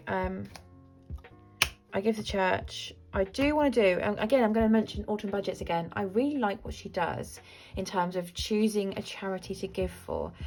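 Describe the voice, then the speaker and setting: A woman in her thirties talks through her budget in a casual, rambling way and pokes gentle fun at herself. Her mid-pitched voice carries a gravelly fry. Faint music plays quietly underneath. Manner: rambling, chatty, self-deprecating. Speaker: budgeting vlogger. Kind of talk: casual chat to camera.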